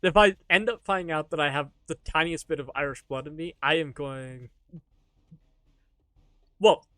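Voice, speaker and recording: A man's voice: on the high side, normal speed, bright, forceful tone, no room sound. A man chatting casually to his live-stream audience while gaming, rambling, joking and swearing offhandedly.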